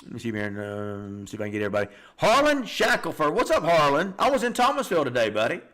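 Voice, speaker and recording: A man hosting a live high school football show, reading scores and viewer comments in a casual, animated way. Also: fast talker. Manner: chatty and animated, reacting aloud with stunned exclamations and repeated words.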